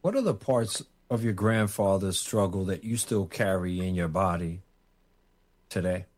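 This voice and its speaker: A male host guides the conversation with long, thoughtful questions delivered at a measured pace. His voice sits on the low side. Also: expressive, darkish tone. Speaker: interviewer. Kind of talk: interview questions.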